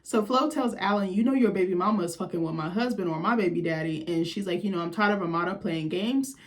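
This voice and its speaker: A woman chats her way through a reality TV recap in a blunt, gossipy voice. She swears freely and laughs often, and her pitch leaps up when something amuses her. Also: quick pace. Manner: blunt, profane, gossipy commentary with quoted reactions. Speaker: recap host.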